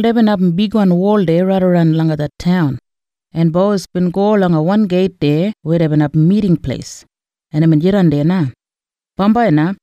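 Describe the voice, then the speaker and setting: A man with an Australian Kriol accent reading a Bible story aloud in steady, rhythmic storytelling. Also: sits high, no room sound. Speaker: scripture reader. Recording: dull lo-fi dry recording.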